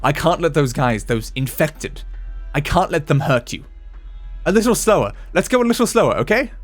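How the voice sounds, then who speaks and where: Man putting on a shy game girl, pitched up, hesitant, stumbling over words. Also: normal speed, faint music behind, natural voice. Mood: anxious. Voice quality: raised, hesitant, stammering. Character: timid young girl clinging to a friend.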